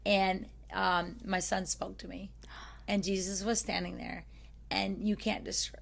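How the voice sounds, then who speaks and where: Woman, podcast guest, mid-height voice with gravelly fry, earnest and rambling testimony. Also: mid-range voice, little pitch movement, a little slow. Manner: earnest, rambling with fillers and restarts. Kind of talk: personal faith testimony in conversation.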